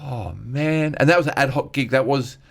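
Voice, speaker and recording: A man with a mid-range voice speaks at a quick pace. He's a stand-up comedian appearing as an interview guest, telling personal stories in a candid chat. His manner is earnest and rambling, and he acts out other people's lines.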